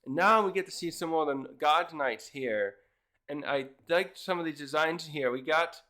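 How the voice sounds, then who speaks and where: A man's voice: a little high, moderate pace, bright, forceful tone. A man casually reviewing a comic chapter, rambling with many fillers and restarts. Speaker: manga reviewer.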